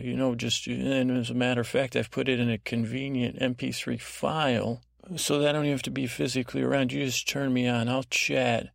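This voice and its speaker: Drowsy rambling man with a gravelly voice. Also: medium pitch, fairly even intonation, dry recording, clean studio sound. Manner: rambling, drowsy, lulling, with halting restarts. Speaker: podcast host. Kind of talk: meandering bedtime monologue.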